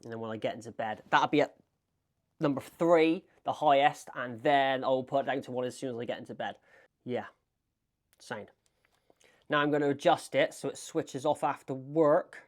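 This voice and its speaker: Here an English man with a thick Bristolian accent does a casual cooking vlog in his flat's home kitchen, swearing and calling his viewers mate. His voice is mid-range and his pace moderate, captured with a small wireless clip mic.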